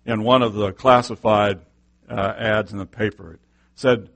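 A man's voice: fairly low pitch, fairly even intonation, moderate pace, vocal fry. A middle-aged male pastor preaching a sermon with passion, firing off rhetorical questions.

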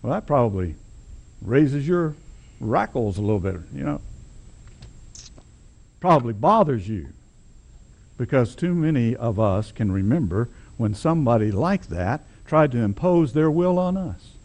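A man preaching a sermon with a conversational, wry delivery and strong emphasis. His pitch swings widely as he tells a story, sitting at an average height for a man. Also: very animated, a little slow, long pauses, a little mellow.

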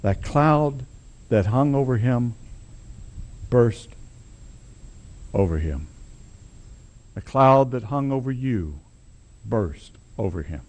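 A man's voice: medium pitch, lively intonation, slow pace, long pauses, a little mellow. A man preaching a sermon, telling a story in a conversational, wry and emphatic way.

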